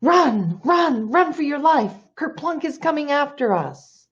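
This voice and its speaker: A woman's voice: fairly low pitch, sing-song, slow, darkish tone, muffled recording, exaggerated voice. A woman voicing a snorting, squealing pig in a told folktale. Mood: frantic.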